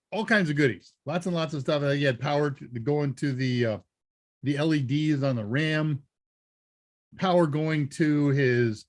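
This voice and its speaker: A man hosts a casual live Q&A stream, chatting and joking as he reads viewer messages. His voice sits a little high for a man. The sound is dry and close, with no room echo. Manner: chatty, jokey, thinks aloud. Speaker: live Q&A host.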